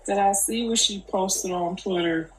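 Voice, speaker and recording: A woman's voice: medium pitch, steady tone, unhurried. An older woman, a grandmother, talking casually and earnestly on a live stream, repeating herself in colloquial speech. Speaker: grandmother speaking on a live video. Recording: echoey, distant, noisy.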